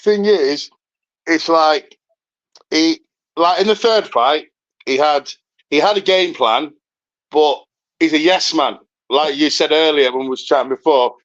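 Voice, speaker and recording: Chatty British podcast host, high bright voice, muffled lo-fi sound. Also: male voice, unhurried, pauses often. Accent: British English. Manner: chatty, laughs often. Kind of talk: casual chat. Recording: dull lo-fi audio.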